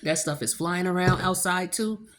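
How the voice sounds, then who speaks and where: A fairly low-pitched woman giving a tarot reading straight to her camera. She talks in a loose, chatty way, full of slang and freely dropped curses, as if confiding in friends. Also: moderate pace, a bit bright, a little hiss or hum. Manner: chatty and blunt, loose slang and frequent cursing. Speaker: tarot card reader.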